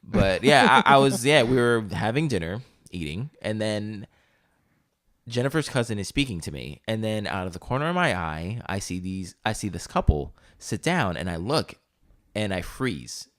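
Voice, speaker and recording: Lively low-voiced man telling a story. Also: normal speed, no echo, studio quality. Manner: animated storyteller, acts out quoted voices. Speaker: podcast co-host. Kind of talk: casual chat.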